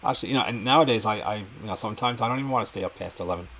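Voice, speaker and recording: A man's voice: lowish voice, racing, a bit bright, a little hiss or hum, rough recording. A man with a New York accent hosting a casual interview, stammering and repeating words, laughing often. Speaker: podcast host.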